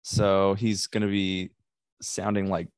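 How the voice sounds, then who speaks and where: A man hosting a casual podcast chat, getting animated as he defends himself. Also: low voice, slow, clean tone, dry recording, clean studio sound. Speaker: podcast host.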